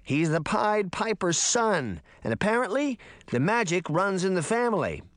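A sensible young girl, earnest and on edge, as a man voices her. Her voice sits well above his own and moves a lot in pitch. The sound is dry and close. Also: very animated, moderate pace, a bit bright, no echo. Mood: nervous.

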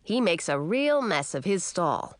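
A woman's voice: on the low side, big pitch swings, measured pace, no echo. A woman doing an eager frog-boy.

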